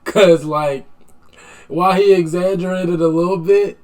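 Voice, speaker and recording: A man's voice: high voice, fairly even intonation, a little mellow. A man with a slightly raised voice reacts in casual chat. He rambles and restarts his sentences, eager to share his views. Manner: rambling, halting enthusiasm. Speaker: reaction video host.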